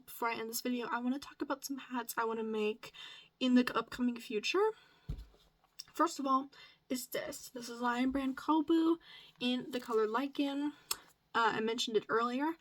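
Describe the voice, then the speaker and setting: High-voiced gushing young woman vlogger. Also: steady tone, normal speed, pauses often, a bit bright. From US Midwest. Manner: chatty, gushing, swears casually, drops into whispers. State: voice cracking. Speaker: crochet vlogger. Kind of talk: casual chat.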